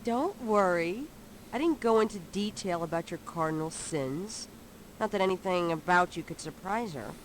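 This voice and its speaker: A woman's voice: lowish voice, animated, moderate pace, slight background noise, lightly acted, low-quality recording. A woman playing a sassy shop assistant. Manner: sassy, dry teasing. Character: sharp-tongued young woman shop assistant. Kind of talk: 1990s adventure game voice acting.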